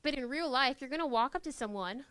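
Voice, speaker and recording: Speaking quickly with a clean tone, a high-pitched young woman runs a live student workshop in a university classroom. She's lively and playful, voicing characters to act out scenes, and her voice comes across close and dry with barely any room echo.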